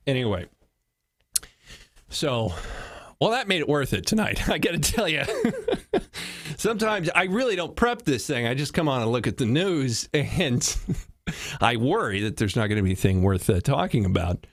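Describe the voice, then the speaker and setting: A man's voice: a little high, sing-song, moderate pace, a bit bright. A male talk show host reading out news stories and joking about them with a wry, laughing delivery. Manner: wry, laughing, slips into mock voices. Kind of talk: solo comedic news commentary.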